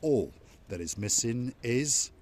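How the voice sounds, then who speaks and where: A man's voice: mid-range voice, expressive, slow, a little mellow, slight background noise. A man hosting a walking-tour vlog outdoors at a seaside harbour, chatting playfully and teasing his viewers. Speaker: vlog host.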